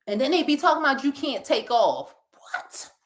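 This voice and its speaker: Co-hosting a casual talk show podcast, a woman with a Philadelphia accent rants in an animated, preachy style, laughing often. Her voice is high and fairly quick.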